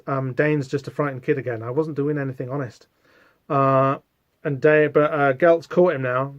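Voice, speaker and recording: A man's voice: a little high, no room sound. Man, podcast host, casual comic commentary, fillers, dry muffled sound. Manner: chatty, reads quotes aloud with hesitant fillers.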